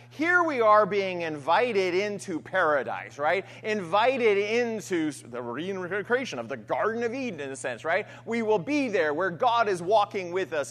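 Lively conversational male preacher. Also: sits high. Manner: conversational, frequent "right?" asides and restarts. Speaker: pastor. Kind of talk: sermon.

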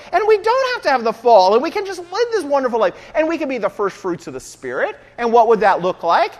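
A woman preaching a conversational sermon, with an animated delivery that often checks in with "right?". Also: sits high, long reverb tail.

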